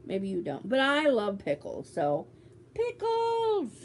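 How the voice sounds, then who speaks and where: A woman's voice: medium pitch, very animated, measured pace, slight background noise. A woman vlogging casually as she unboxes a gift swap, bubbly and teasing as she exclaims over each item. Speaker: beauty vlogger.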